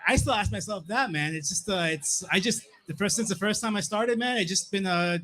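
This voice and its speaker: Laid-back young man doing stand-up on a club stage, with a fairly high voice. He leans on casual tags like "man" and "right?" between his jokes, speaking into a handheld stage mic. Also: fairly quick, sharp tone. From Plymouth, Massachusetts. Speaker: stand-up comedian. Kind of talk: stand-up comedy set.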